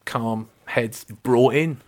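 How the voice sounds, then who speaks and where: A man co-hosting a casual football chat, animated and sarcastic. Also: mid-range voice, drawn-out words. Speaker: football podcast co-host.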